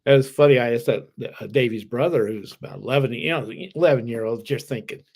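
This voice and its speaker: A man co-hosting a betting podcast, telling an animated story in casual chat, swearing now and then and laughing. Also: medium pitch, fast talker, husky. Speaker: co-host.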